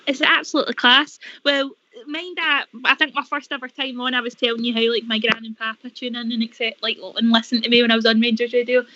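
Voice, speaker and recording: A young woman chats on a radio show in a bubbly way, laughing easily. Her voice is high and bright. The sound is a little muffled, with a faint hiss underneath. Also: flat delivery, fast talker, hardly any pauses. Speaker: singer, studio guest. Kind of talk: casual radio chat.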